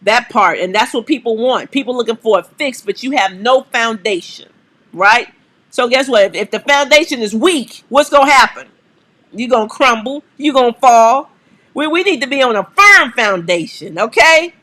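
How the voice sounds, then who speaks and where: Bright-voiced woman preaching on a live stream. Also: fairly high pitch, expressive, normal speed. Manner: emphatic, repeats "okay?" and "come on", coaxing the audience; preacherly call-and-response cadence. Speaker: live-stream host answering viewer questions.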